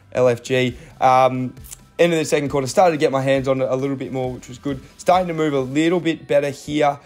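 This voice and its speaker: A man's voice: mid-range voice, a little mellow. A young man with an Australian accent talks casually over his own game footage, mixing coaching tips with self-deprecating asides and many fillers.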